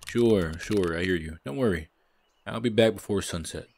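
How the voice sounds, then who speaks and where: A man reading the lines of Alex, a polite, calm young man in a game, in a flat way. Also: low-pitched, moderate pace, vocal fry, no room sound.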